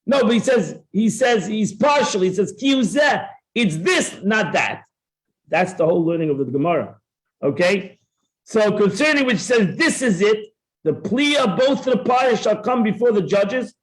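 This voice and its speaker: A man with a fairly high voice teaches a classroom Talmud lesson. He acts out the claims of both parties in an animated way and restarts his phrases often. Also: moderate pace. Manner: repeats words and restarts often. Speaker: Torah teacher.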